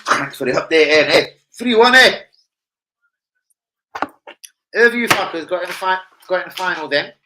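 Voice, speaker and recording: A man chatting casually on a football live stream, swearing freely and breaking into loud, excited shouts. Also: sits high, brisk, rough recording.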